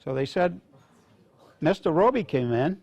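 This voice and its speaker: A man's voice: on the high side, expressive, unhurried, creaky, a little mellow, highs cut off. An older man from Maine, a veteran speaking to students, telling folksy stories in a rambling, casual way. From Maine, USA. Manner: rambling, folksy anecdotes with restarts.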